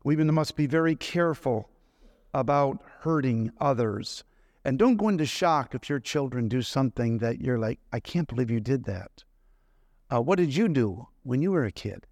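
A man's voice: mid-range voice, animated, moderate pace, a little mellow, no echo, clean studio sound. A middle-aged man preaching a sermon, telling personal stories in a conversational way and asking the congregation questions.

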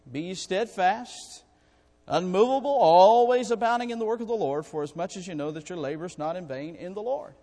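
A man preaching a sermon to his congregation, in a folksy, animated way with calls for amens. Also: high voice. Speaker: pastor. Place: church sanctuary. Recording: long reverb in a church hall.

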